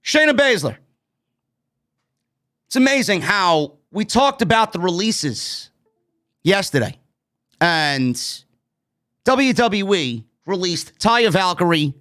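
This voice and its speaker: A man's voice: high-pitched, a bit bright. A man with a New York accent giving a blunt, profane, exasperated review of a wrestling show. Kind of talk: profane ranting commentary.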